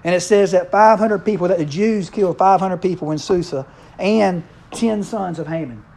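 A man's voice: high-pitched, creaky, a little mellow. A man preaching a casual, conversational sermon, playfully acting out the characters' lines. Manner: playful, acts out characters' lines in quick voices.

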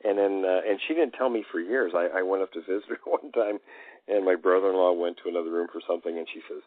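Deep-voiced man on a phone line. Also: fast talker, dry recording. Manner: rambling with many fillers and restarts. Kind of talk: casual storytelling. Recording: tinny phone-line audio.

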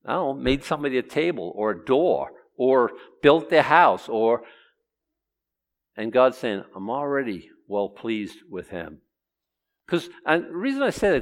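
A man preaching a conversational Bible lesson, asking his listeners questions and acting out the quotes he reads. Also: mid-range voice. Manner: chatty, asks the audience questions, acts out quotes.

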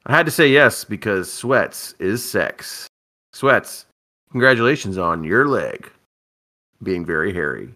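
A man's voice: fairly low pitch, very animated, measured pace, sharp tone. A sleepy man co-hosting a casual podcast, wisecracking as he talks about league darts matches. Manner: drowsy, wisecracking. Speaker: podcast co-host. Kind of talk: casual chat.

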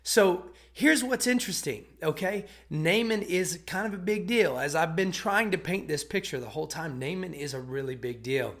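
A man's voice: fairly high pitch, normal speed, hardly any pauses, fairly bright tone. A man preaching in a casual, conversational way, retelling a Bible story and often checking in with his listeners. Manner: conversational, checks in with "okay?" and "right?"; repeats and restarts words as he retells.

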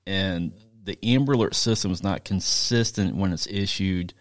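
A man's voice: sits low, moderate pace, no echo, studio quality. A man from Kansas co-hosting a podcast, blunt and casually profane as he tells stories. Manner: blunt, swears casually, storytelling. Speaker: podcast co-host. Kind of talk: casual chat.

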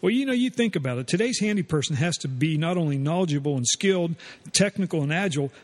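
A male radio co-host with a slightly high voice, who narrates in a folksy, measured way. He speaks plainly and unhurriedly, like a neighbor sharing the week's news. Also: animated, a little mellow. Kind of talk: radio storytelling and chat.

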